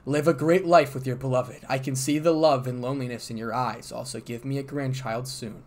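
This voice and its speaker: A man voicing a stoic former knight king from a storybook reading. The delivery is solemn and calm, close to his own mid-pitched voice. It is measured and grave throughout. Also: lightly acted.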